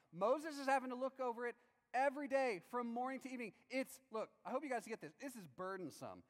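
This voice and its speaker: Guy preaching a sermon, animated, does little voices for the bible characters, big hall echo. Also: very high voice, quick pace. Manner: animated, acts out voices of biblical figures.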